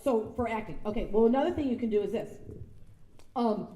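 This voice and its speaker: A woman telling lively anecdotes as a guest speaker, acting out other people's voices. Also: a little high, a little fast. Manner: animated storytelling, acting out voices with laughter. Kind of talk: anecdotal speech to an audience. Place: large sound stage before an audience. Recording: echoey room.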